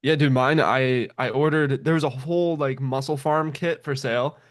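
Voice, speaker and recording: With a mid-range voice at a normal pace, a young man tells a story in casual chat. He acts out what others said with lots of animation, frequent swearing and laughter.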